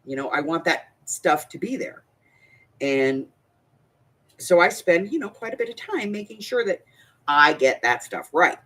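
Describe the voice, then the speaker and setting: A woman's voice: lowish voice, big pitch swings, a little slow, pauses often, a bit bright. A woman hosting a crafting channel, chatting casually and rambling, with frequent restarts and laughter. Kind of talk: casual chat.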